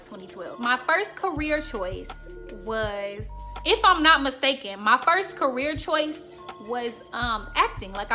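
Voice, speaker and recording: A woman's voice: on the high side, bright, forceful tone. A young woman in her twenties from the Chicago suburbs, telling candid stories to her viewers in a slangy, frank casual vlog. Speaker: YouTuber.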